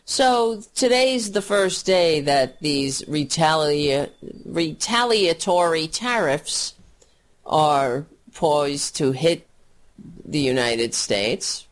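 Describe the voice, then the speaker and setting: Slow-talking angry male commentator. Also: on the high side, expressive. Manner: angry, profane, mocking. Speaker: political commentator. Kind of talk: solo political rant.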